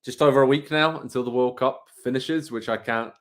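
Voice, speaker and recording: A man's voice: mid-range voice, fairly even intonation, a little fast, a bit bright. A man from England co-hosting a live online match watchalong, chatting casually, calling the play and reading out viewer comments. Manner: chatty, reads out viewer comments, calls the action. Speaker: co-host of a live watchalong show.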